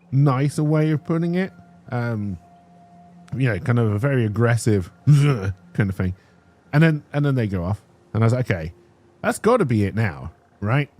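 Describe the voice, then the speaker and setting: A young man telling a casual personal story as a streamer, animated and restarting his sentences, checking in with "right?". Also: mid-range voice.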